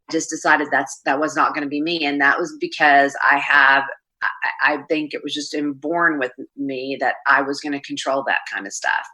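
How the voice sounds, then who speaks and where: A middle-aged woman with a low voice tells her recovery story plainly and openly, stopping often to restart a thought. She has a bright, forceful edge and sounds like she is speaking into a video call. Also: poor audio. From Oklahoma, US. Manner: candid, plainspoken, many ums and restarts. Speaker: Al-Anon speaker. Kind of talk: personal recovery talk at a meeting.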